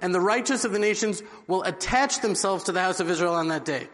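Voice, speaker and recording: A religious speaker tells a story earnestly in an inspirational talk, speaking fast in a high-pitched, somewhat bright voice. The recording carries a long hall reverb.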